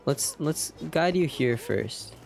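A man's voice: a little high, expressive, slow, vocal fry. A young man streaming a game live, rambling and joking at his own expense while chatting with viewers. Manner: rambling, self-deprecating, chats with viewers. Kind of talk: casual live game commentary. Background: faint game music.

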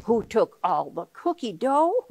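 A woman voicing a worried mother in a storybook, asking her friends in a high sing-song. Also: sing-song, unhurried, dark tone, no echo, full character voice. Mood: puzzled.

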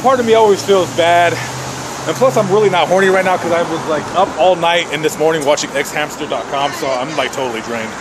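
A man's voice: a little high, noisy background. A tired man rambling and ranting crudely in a vlog, recorded outdoors in a city. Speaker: vlogger.

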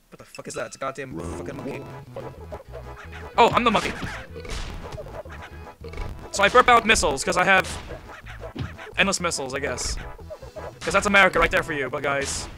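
Man, high lively voice, excitable swearing game commentary, music behind. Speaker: gamer. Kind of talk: profane let's-play commentary.

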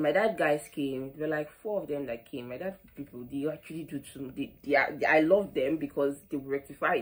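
A young Nigerian woman with a Nigerian accent, telling an animated storytime vlog, full of quoted back-and-forth and "like". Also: deep voice, poor audio. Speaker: vlogger.

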